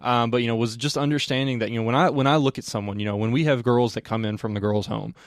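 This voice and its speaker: A man's voice: mid-range voice, fairly even intonation, fast, dry recording, studio quality. A man co-hosting a casual church chat, earnest and thoughtful, with lots of "you know" fillers. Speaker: co-host.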